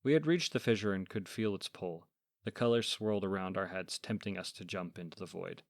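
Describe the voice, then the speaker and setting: A man narrating a first-person horror fable in a measured, deadpan, scripted way as host of a story podcast. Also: deep voice, creaky, no echo, clean studio sound.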